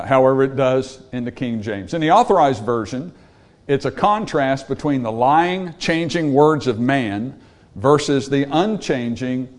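A man's voice: medium pitch, a little mellow. Emphatic man preaching a sermon. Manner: emphatic, repeats words, asks the congregation questions. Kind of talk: sermon with slides.

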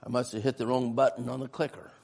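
A man's voice: mid-range voice, level tone, quick pace, creaky, a little mellow, husky. A man preaching a sermon-style history lesson in a church, folksy and often asking the congregation questions.

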